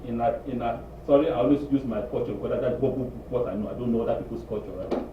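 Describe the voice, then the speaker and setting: Emphatic preacher in an echoey hall. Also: male voice, mid-range voice, quick pace, a little hiss or hum. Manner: animated, repetitive, emphatic. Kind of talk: sermon. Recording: distant, echoey, dull room recording.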